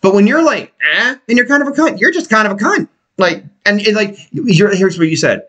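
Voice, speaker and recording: Animated Philly-podcast co-host, husky tone, swears freely. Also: male voice, high-pitched, brisk, hardly any pauses. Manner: animated, swears a lot, jumps between topics. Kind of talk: casual crude podcast banter.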